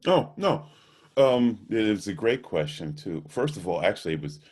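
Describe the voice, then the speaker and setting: Deep husky man telling stories. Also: normal speed. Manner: animated storyteller, acts out voices in anecdotes. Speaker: interviewee, jazz trumpeter. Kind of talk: storytelling in a video call interview. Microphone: video call.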